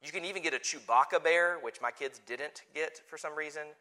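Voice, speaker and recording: A man preaching a sermon, moving from quiet conversational asides to loud, forceful declarations. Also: a little high, a little fast. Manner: animated, swings from soft asides to forceful declarations. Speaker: pastor.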